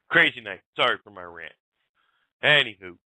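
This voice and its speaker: A man's voice: medium pitch, vocal fry, pushed and bright, no room sound, rough recording. A man hosting a talk show, ranting bluntly and heatedly. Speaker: show host.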